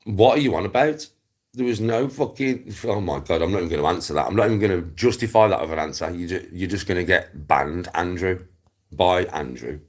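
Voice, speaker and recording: A man's voice: low-pitched, a little fast. A man from Smethwick with a Black Country accent, hosting his own channel and ranting to viewers in a blunt, sweary way that repeats itself, with laughs breaking in. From Smethwick, England. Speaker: YouTube channel host. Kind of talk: casual rant to viewers.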